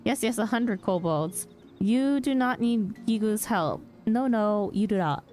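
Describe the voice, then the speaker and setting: A woman's voice: mid-range voice, measured pace, darkish tone, soft background music, close to an everyday voice. A woman reading as a fretful, echoing kobold. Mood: anxious fawning. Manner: frets and repeats words in strings of synonyms. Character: timid, fretful kobold, repeating everything. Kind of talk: reading game dialogue aloud.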